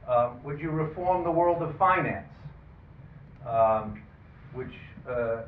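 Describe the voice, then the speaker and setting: A man moderating a panel, speaking haltingly with plenty of ums and the odd dry aside. His voice sits at an ordinary pitch and is picked up from across a big echoing room. The sound is thin and phone-like, with a faint hiss underneath. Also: lively intonation, distant mic. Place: conference room.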